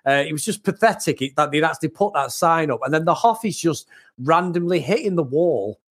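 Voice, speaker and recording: Laughing often, a man from the United Kingdom co-hosts a podcast in casual conversation, sounding animated and mocking. He has a husky, on-the-high-side voice and talks a little fast.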